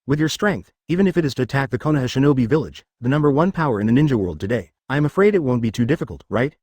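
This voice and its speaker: Man voicing a confident young martial artist, sly and brisk, animated delivery. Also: medium pitch, breathy edge, no echo.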